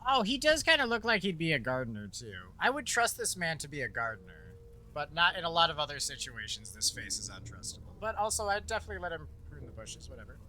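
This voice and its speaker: A man casually commenting while playing a horror game, rambling and joking as he thinks out loud. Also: on the high side, big pitch swings, fast talker, slight background noise. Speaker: let's play streamer.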